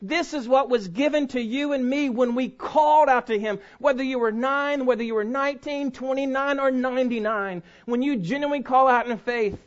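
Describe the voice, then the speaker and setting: A pastor with a strikingly high voice preaches to his congregation, pushing hard on key words and then dropping low. The recording sounds dull and lo-fi, like a muffled church tape. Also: normal speed, few pauses. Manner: emphatic preaching, rising and falling in force. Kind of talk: sermon.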